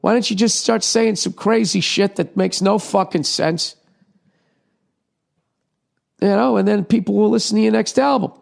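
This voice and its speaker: A man's voice: high-pitched, moderate pace, creaky, long pauses. A middle-aged man hosting a podcast, ranting sarcastically through a profane comedic monologue. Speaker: podcast host.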